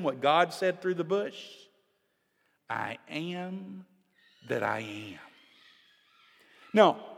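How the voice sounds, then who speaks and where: A man's voice: high-pitched, fairly bright tone. A man preaching a sermon with emphasis, often turning to the congregation with direct questions. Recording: long reverb of a large hall.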